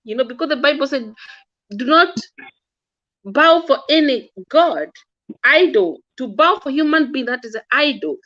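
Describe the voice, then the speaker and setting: A woman's voice: sits high, expressive, normal speed, pauses often, bright, forceful tone, dry recording, lo-fi sound. A woman giving impassioned religious-political commentary, earnest and scolding, often repeating and stumbling over words. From Kenya.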